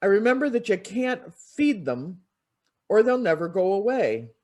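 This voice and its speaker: A minister preaching a sermon in an expressive storytelling manner. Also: mid-range voice, unhurried.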